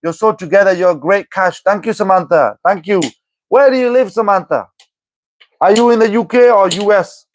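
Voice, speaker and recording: A man's voice: high-pitched, normal speed, no room sound. A young man livestreaming, reading viewer comments aloud and answering them in an exasperated, scolding way. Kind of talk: live chat reading and replying.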